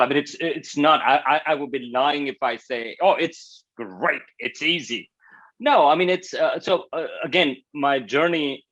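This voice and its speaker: A man's voice: mid-range voice, a bit bright, lo-fi sound. A man from Pakistan with a Pakistani accent, speaking as an astrophysicist guest in an interview, thoughtful and enthusiastic with many fillers and restarts. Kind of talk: conversational interview.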